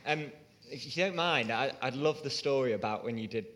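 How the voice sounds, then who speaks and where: A man's voice: mid-range voice, brisk, very noisy. A man interviewing guests, asking friendly questions that prompt their stories.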